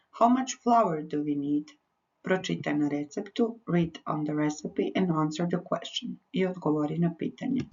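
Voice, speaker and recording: A woman English teacher, patiently giving lesson instructions and repeating them in both languages. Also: low voice. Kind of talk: recorded English lesson with Croatian explanations. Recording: dull lo-fi recording.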